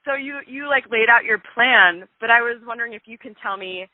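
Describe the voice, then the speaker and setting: A woman hosting a podcast interview, excitable and quick to laugh. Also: fairly high pitch, no room sound, narrow, tinny audio. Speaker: podcast host. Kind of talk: casual interview.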